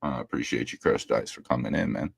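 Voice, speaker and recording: A man's voice: rumbling low, a little fast, vocal fry, slight background noise. A man hosting a casual livestream, talking bluntly and ranting with plenty of profanity. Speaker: livestream host.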